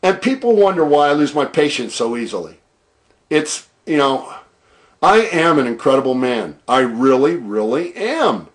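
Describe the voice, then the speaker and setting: A man's voice: a little high, very animated, normal speed. A man addressing viewers in a rambling, boastful video blog, recorded on his own camera. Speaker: video blogger. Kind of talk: casual video blog monologue. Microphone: own camera at home.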